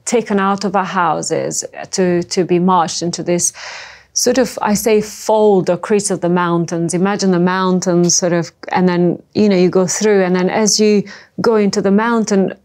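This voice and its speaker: A middle-aged woman from the former Yugoslavia, recounting her past in a halting, emotional personal testimony. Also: lowish voice, fairly even intonation, darkish tone. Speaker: interview guest.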